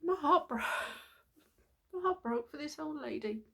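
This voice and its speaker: A woman's voice: high voice, expressive, slow, bright, forceful tone. A middle-aged woman vlogging, telling a personal story in an earnest, heartfelt, rambling way.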